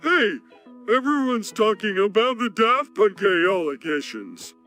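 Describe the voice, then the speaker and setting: Goofy, bright cartoon starfish. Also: mid-range voice, very animated, unhurried, faint music behind. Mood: gossipy. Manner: upbeat and supportive.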